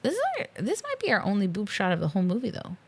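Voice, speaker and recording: A woman's voice: mid-range voice, huge pitch swings, very fast, slightly rough. Chatty woman retelling a film. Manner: chatty, retells scenes with lots of fillers. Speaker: podcast co-host. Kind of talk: casual chat.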